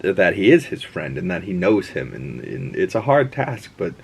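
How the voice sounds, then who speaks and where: A man talks through a show episode in a loose, rambling reaction style, with lots of restarts and asides. His voice sits low and comes across husky. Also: sing-song, moderate pace. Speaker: host. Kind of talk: casual reaction and episode breakdown.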